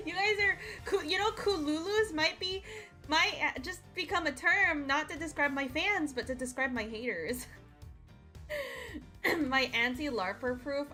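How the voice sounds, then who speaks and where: A woman streamer with a high, bright voice chats casually with her viewers. She is playful and teasing and breaks into giggles often.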